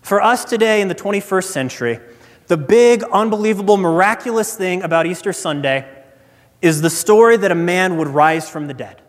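A man preaching a sermon as pastor, telling stories in a relaxed, conversational way. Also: sits high, normal speed. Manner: conversational storytelling. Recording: echoey hall reverb.

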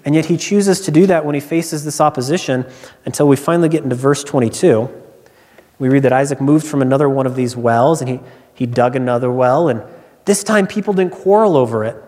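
In a large hall with long reverb, a man preaches a sermon in a conversational style, weaving personal anecdotes into scripture explanation. He has a mid-range, darkish voice and a brisk delivery.

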